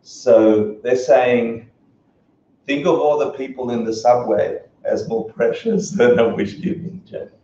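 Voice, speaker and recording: A man teaching a relaxed class on Buddhism, joking and laughing often as he talks. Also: mid-range voice, slow, distant mic, slight background noise. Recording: echoey dull room recording from afar.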